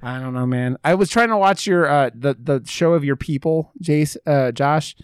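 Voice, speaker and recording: A man's voice: on the high side, moderate pace, clear, resonant tone, no echo, studio quality. An American man co-hosting a casual chat, rambling and swearing, with lots of fillers. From United States. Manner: rambling, profane, full of fillers. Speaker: podcast co-host.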